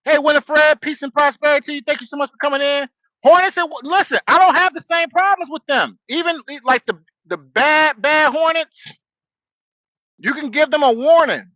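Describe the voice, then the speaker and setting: High, bright-voiced man rambling on a livestream. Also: normal speed, no echo, lo-fi sound. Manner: rambling, laid-back, greets chatters. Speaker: livestream host. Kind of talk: casual livestream chat. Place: outdoors, in a truck. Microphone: headset.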